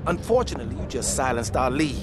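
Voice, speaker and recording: An actor playing a cocky, sarcastic street hustler in a video game, speaking in a breezy, mocking way over a noisy street background. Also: male voice, mid-range voice, sing-song, fast talker, lightly acted.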